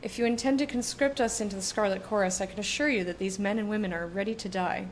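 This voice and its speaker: A woman's voice: mid-range voice, fast, a little hiss or hum, lightly acted. A woman reading aloud as a stern, battle-hardened male soldier guard in a video game, curt and firm.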